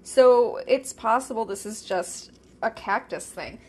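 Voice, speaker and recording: A woman's voice: on the high side, a little slow, very noisy. A woman hosting a casual podcast, thinking aloud with lots of fillers as she eats, sometimes talking with her mouth full. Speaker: podcast host. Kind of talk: casual solo chat.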